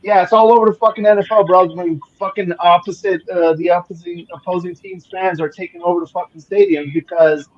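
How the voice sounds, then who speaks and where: A man's voice: high-pitched, fairly even intonation, a little fast, hardly any pauses. A man co-hosting a casual sports talk show who swears a lot, keeps saying bro and tells stories from the stadium. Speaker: podcast co-host. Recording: dull lo-fi sound.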